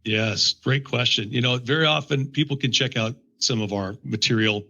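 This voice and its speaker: An enthusiastic male executive coach with a bright, husky voice that swings up and down as he tells stories. He is recorded in a basement home studio, and the sound comes through a little muffled and lo-fi. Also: mid-range voice, normal speed. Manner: enthusiastic, animated storyteller. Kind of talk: conversational interview.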